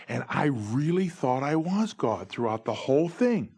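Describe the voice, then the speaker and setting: Husky middle-aged man spinning anecdotes. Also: unhurried, hardly any pauses. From New York State, USA. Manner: animated, acts out dialogue with big pitch jumps. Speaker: former umpire telling his stories. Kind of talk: anecdotal storytelling.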